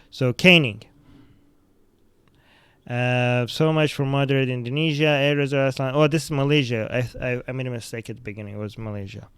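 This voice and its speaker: A man's voice: mid-range voice, steady tone, fairly quick, a bit bright, clean tone, dry recording. A man who speaks English as a second language hosts a podcast, giving blunt, profane commentary on the news and reading out viewer comments. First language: not English. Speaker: podcast host.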